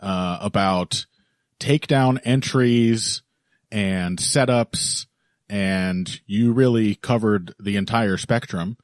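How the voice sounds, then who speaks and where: A man's voice: fairly low pitch, dry recording, studio quality. A man hosting a podcast in casual chat, joking and laughing often. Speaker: podcast host.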